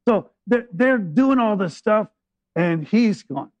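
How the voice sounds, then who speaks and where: A male pastor preaching a sermon, retelling scripture in lively, humorous paraphrase. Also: high voice, slow, no echo, lo-fi sound.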